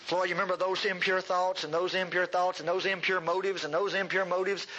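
A man voicing God as a patient, fatherly figure who gently reproves a boastful believer. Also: high voice, flat delivery, a little fast, muffled recording. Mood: gently chiding.

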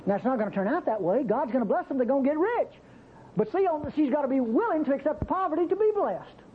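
Animated male preacher, muffled old tape. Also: fast talker. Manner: animated, acts out biblical speakers with pitch jumps. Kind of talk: sermon. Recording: muffled, faintly noisy old recording.

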